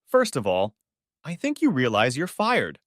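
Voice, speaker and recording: A man's voice: mid-range voice, wildly swooping pitch, unhurried, a bit bright, dry recording, studio quality. Man playing a cold, betrayed husband. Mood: curt. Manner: caustic, commanding. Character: betrayed husband, cold and controlled, flaring angry.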